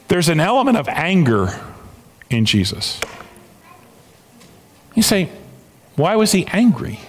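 A high-voiced male pastor preaching with a wide, swooping pitch range. He stumbles and restarts phrases as he drives his points home. His voice rings with the long reverb of a church sanctuary. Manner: animated preaching with repeated restarts. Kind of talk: sermon.

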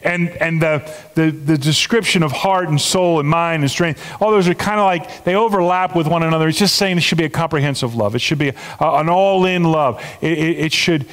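An older male pastor preaching a conversational sermon, with frequent restarts and sudden rises and falls in pitch. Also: a little fast, few pauses, fairly bright tone. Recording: long reverb of a large hall.

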